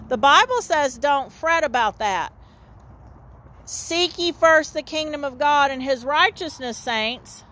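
High-voiced, slow woman preaching. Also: animated, fairly bright tone, slight background noise. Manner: folksy, repetitive, keeps calling the listeners "saints". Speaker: street minister. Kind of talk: informal outdoor sermon. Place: outdoors in a dry horse lot.

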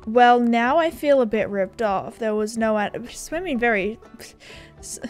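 A woman's voice: fairly high pitch, expressive, a little slow, soft background music. Chatty young Australian woman gamer. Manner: chatty, self-deprecating, many fillers. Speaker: gaming YouTuber. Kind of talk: casual gaming vlog chat. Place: home room with windows.

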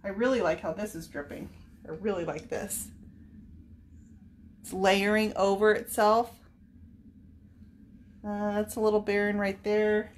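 A woman's voice: medium pitch, level tone, a little slow, pauses often, slight background noise. Chatty woman painting furniture on camera. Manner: chatty, thinks aloud while working. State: tearful at times. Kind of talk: casual live painting demo.

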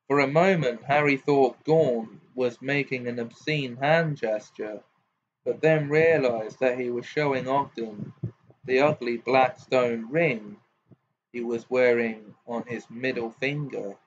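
A man reading a storybook aloud in an unhurried, steady narration, in a muffled home recording. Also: mid-range voice, slight background noise. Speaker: audiobook reader.

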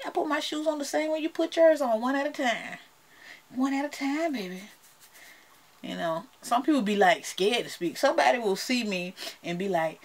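A woman's voice: on the high side, expressive, a little fast. A woman with a Southern US accent, chatting playfully to camera as a beauty vlogger and laughing often. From United States. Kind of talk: casual chat to camera.

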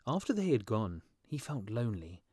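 A man narrating a storybook for English learners with a clear, measured reading. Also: lowish voice, sing-song, warm tone, no room sound, studio quality. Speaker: audiobook narrator.

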